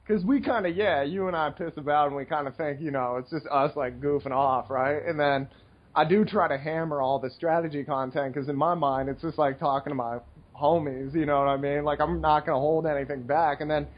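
A man hosting a podcast, chatting casually in an excitable, rambling way with frequent laughs. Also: on the high side, fairly quick, highs cut off. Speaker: podcast host. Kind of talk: casual chat.

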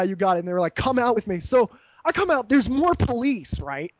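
Profane, rambling high-voiced man. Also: expressive, brisk, no room sound, highs cut off. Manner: rambling, profane, tags lines with "right?"; acts out voices of people in his story. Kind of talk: casual anecdote telling.

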